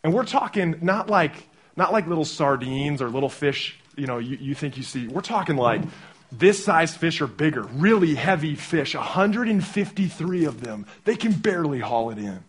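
A young male pastor preaches in a loose, chatty way, jumping into little acted-out voices to make his point. His voice sits a touch high for a man and has a husky edge to it. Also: moderate pace. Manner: animated, conversational, acts out quotes. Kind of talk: sermon.

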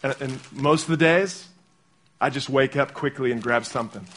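A young man delivering a sermon as pastor in a conversational, animated way, acting out little quotes as he goes. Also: medium pitch, moderate pace.

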